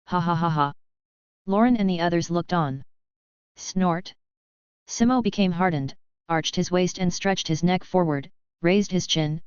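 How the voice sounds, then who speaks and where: A woman with a lower voice reads a storybook aloud in a steady, unhurried way. Her tone is very smooth and clean, close and dry, though the audio sounds a little muffled. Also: no room sound. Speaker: audiobook narrator. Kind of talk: flat scripted narration.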